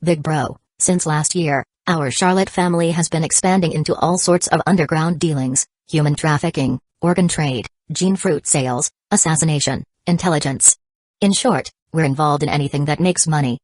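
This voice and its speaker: A woman's voice: deep voice, moderate pace, darkish tone, dry recording. A woman reading the lines of an eager, earnest younger brother reporting to his older sibling.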